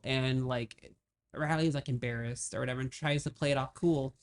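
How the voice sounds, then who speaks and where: Chatty woman podcast co-host. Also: a bass voice. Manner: quick, animated, many "like" fillers. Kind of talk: casual movie discussion.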